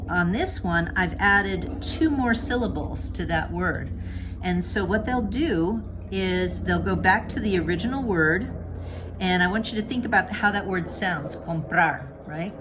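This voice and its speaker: A woman's voice: fairly low pitch, noisy background. A woman teaching a recorded grammar lesson, patient and encouraging, with many fillers and restarts. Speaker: Spanish teacher.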